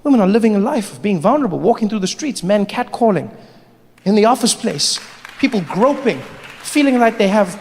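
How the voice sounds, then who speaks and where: A man performing a stand-up comedy set, animated and playful, on a large theater stage. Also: high-pitched, a little fast, slightly rough. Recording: long hall reverb, faint noise.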